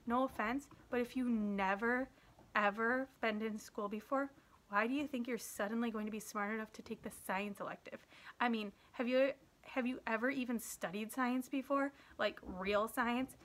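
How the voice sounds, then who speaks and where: Woman reading aloud as a rude schoolboy, sarcastic, drawn-out, mocking, storybook. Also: on the high side, fairly even intonation, fairly bright tone, lightly acted.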